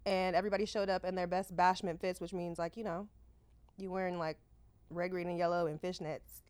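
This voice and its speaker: A woman in her thirties hosting a podcast, chatting casually in a lively, slangy, exclamatory way. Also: lowish voice, a little fast, clean tone, dry recording. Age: 30s. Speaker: podcast host.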